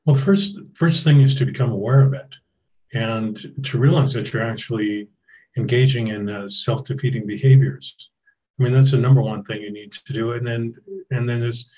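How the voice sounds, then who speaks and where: A man's voice: lowish voice, darkish tone, muffled recording. A man explaining advice as a guest in a podcast interview, in a conversational, explanatory way. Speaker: guest expert.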